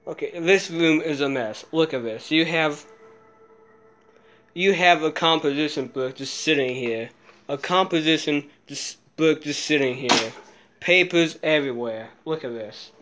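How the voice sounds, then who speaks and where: A vlogger films a casual handheld video, jittery and muttering to himself, swearing often and sometimes slipping into soft baby talk to a cat. His voice is a little high and a little slow.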